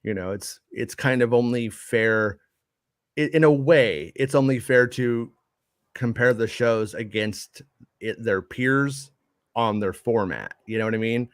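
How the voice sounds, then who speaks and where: A man's voice: mid-range voice, a little slow, dry recording. Man, podcast co-host, loose talk, swearing, dry close sound. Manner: loose, swearing, filler-heavy. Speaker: podcast co-host reading chat comments. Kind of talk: casual chat.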